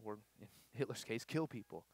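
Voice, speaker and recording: A young man preaching a casual youth sermon, animated, with many fillers and acted-out quotes. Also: lowish voice, a little fast, no room sound. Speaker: youth pastor. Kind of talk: sermon to students.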